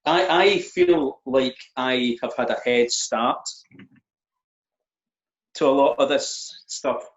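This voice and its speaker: A middle-aged man, a church minister, speaking openly and reflectively in an interview, often halting and repeating words. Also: mid-range voice. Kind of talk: candid conversational interview. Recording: echoey, dull lo-fi audio.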